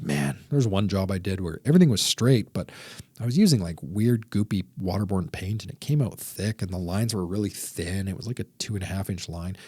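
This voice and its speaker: A man's voice: fairly low pitch, mellow, slightly rough, no echo, studio quality. A man from Canada hosting a podcast, telling a business story with lots of "like" fillers and acting out both sides of a phone call. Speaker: podcast host. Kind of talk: casual storytelling monologue.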